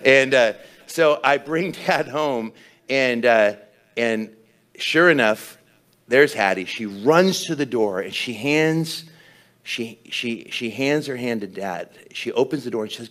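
A pastor preaching a sermon with humorous, self-deprecating storytelling. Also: male voice, mid-range voice, lively intonation, takes it slowly, fairly bright tone.

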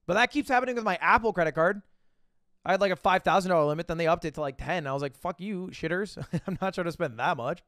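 A man's voice: high voice, fairly bright tone, smooth, dry recording, studio quality. A man in his twenties streaming, chatting casually with viewers, reading their messages aloud and answering with profane, sarcastic jokes. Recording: faint music behind.

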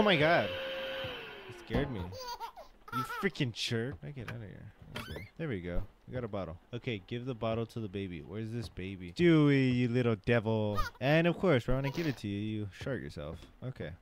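A man giving excitable, jokey commentary while playing a game, swearing and talking to an on-screen baby. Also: on the low side, background noise. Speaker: gaming channel host. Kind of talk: casual let's-play commentary.

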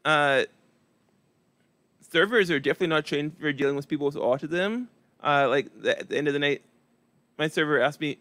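A man delivers stand-up comedy in a deliberately monotone, deadpan way, his voice sitting a little high for a man. The sound is dry and close, with no room echo around him.

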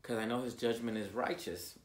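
A man preaching an informal sermon, earnest and repetitive, with his voice rising loud on key words. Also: mid-range voice, steady tone, a little fast, reverberant.

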